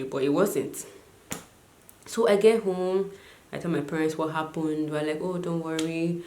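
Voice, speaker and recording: A young woman telling a storytime vlog in an animated way, full of "like". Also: low-pitched, a little hiss or hum. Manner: animated, lots of filler "like". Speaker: vlogger. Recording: echoey room.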